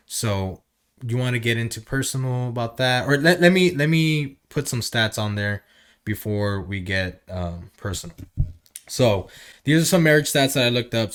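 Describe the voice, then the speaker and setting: A man's voice: on the low side, fairly bright tone. A man hosting a casual podcast, talking conversationally and posing rhetorical questions. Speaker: podcast host.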